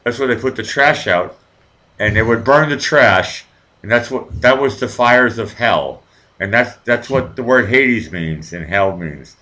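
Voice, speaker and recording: The recording is low quality, and the man speaks a little slowly in a medium pitch. As host of a live talk show, he rambles through lively stories in casual chat, cursing freely.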